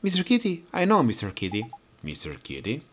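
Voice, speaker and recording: A man voicing a small, mysterious guide creature in a soft, simple, lilting way, for a game. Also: mid-range voice, huge pitch swings, fairly quick, a little hiss or hum. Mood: gentle.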